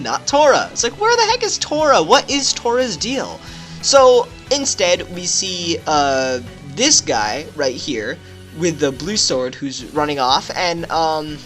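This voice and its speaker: A young man casually analysing a game trailer, excitable and rambling, with lots of fillers. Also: high-pitched. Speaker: gaming video host. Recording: faint background music.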